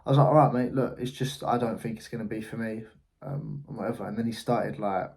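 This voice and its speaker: A man's voice: on the low side, steady tone, brisk, gravelly, darkish tone. A man, an agency owner telling a story in a casual vlog, blunt and swearing freely. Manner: blunt, swears freely, recounts a frustrating call.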